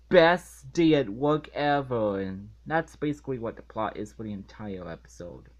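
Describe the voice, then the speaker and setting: A man reviews an episode as a rant, and his exasperation keeps breaking through. He talks slowly and haltingly and often stops to restart a phrase. His pitch sits in an ordinary middle range. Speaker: online reviewer.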